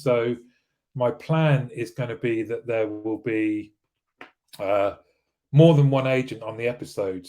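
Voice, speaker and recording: A man hosts a live weekly show in a relaxed, chatty way. His voice sits at an ordinary middle pitch with a mellow, dark tone. He rambles a little and restarts often. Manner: rambling, frequent restarts and fillers. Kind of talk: casual live-stream talk, reading viewer comments.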